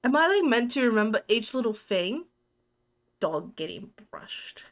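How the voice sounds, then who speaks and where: An Australian woman streaming a horror game live. Her voice sits a little high, and she jumps between squeals, giggles and muttered asides to herself. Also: sing-song, a little slow. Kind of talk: live gameplay commentary.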